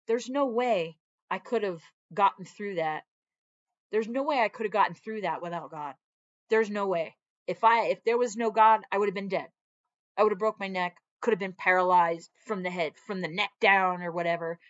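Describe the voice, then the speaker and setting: A woman's voice: mid-range voice, moderate pace, highs cut off. A woman Air Force veteran talking earnestly in a casual vlog, her arm in a sling, chatting on and breaking off to scold her dog. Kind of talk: casual heartfelt vlog talk.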